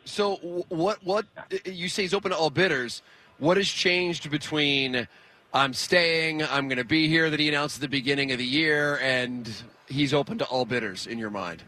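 Bright-voiced male co-host asking questions. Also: a little high, normal speed. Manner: probing, questioning. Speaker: radio co-host. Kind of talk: casual sports radio chat.

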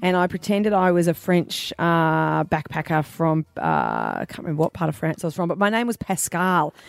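A woman's voice: low-pitched, big pitch swings, normal speed, gravelly, clear, resonant tone, dry recording. A woman co-hosting breakfast radio in a studio, chatty and laughing often, with rambling restarts. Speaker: radio co-host. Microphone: studio microphone.

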